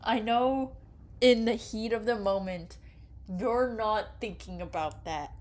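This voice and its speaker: A young woman reading an interactive story game aloud and reacting to it excitably, often yelling and laughing. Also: a little high, takes it slowly. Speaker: game streamer.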